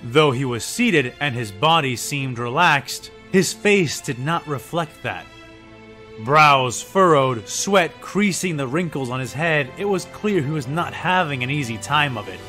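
A man with a fairly high voice reads scripted story narration at a measured pace. Quiet music runs beneath him throughout, giving a produced audio-drama feel. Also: expressive. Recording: faint background music. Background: faint music.

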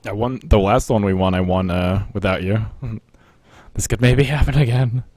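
Young man, deep voice, dry sound, casual stream chatter, frequent laughs. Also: moderate pace, a little mellow, no room sound. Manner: chatty, laughs often, rambling with restarts. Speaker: streamer playing a battle royale game. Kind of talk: casual live-stream commentary.

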